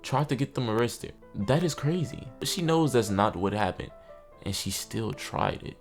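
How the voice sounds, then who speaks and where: A young man hosting comedic video commentary, animated and slangy with joking asides. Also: on the low side, moderate pace, faint music behind. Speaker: commentary host.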